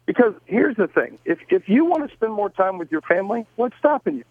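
A man's voice: high voice, big pitch swings, a little fast, slightly rough, no room sound. An American man, a guest author and business owner, talking brashly in a casual interview and often repeating words as he starts a sentence. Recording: tinny dry phone line.

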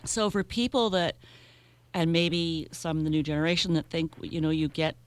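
A woman's voice: deep voice, normal speed, no echo. A woman hosting a radio interview, asking guided questions and affirming her guest. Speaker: radio host.

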